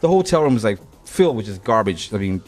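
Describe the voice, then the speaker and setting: A middle-aged man, a guest DJ in a casual chat, telling stories quickly and acting out the voices in them. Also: fairly low pitch, big pitch swings, a little mellow, faint music behind. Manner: rapid storytelling, acts out quotes.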